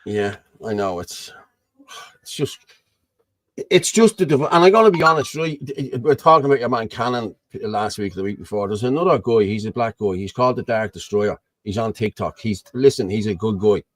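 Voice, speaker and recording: A man's voice: lowish voice, brisk. An Irish man hosting a casual political chat over a video call, rambling and blunt, often asking "you know what I mean". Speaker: host.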